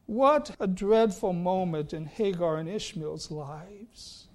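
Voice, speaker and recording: A male pastor preaching a sermon and reading scripture, deliberate, with his voice sinking soft at the ends of phrases. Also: high-pitched.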